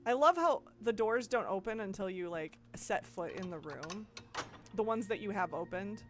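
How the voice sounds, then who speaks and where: A woman's voice: medium pitch, animated, normal speed. A woman from the American Midwest doing live gameplay commentary as a streamer, musing aloud, giggling and chatting with viewers.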